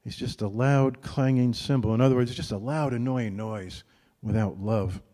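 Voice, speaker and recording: A male pastor delivers a sermon in a relaxed, conversational style, often checking in with a quick "right?" His voice is mid-range, and the recording has a long reverb tail.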